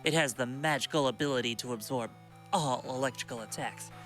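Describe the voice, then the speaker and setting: A man's voice: medium pitch, brisk, a bit bright, faint music behind, lightly acted. A man playing a gloating sea duelist. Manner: grand, theatrical villain taunts. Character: boastful young male sea duelist.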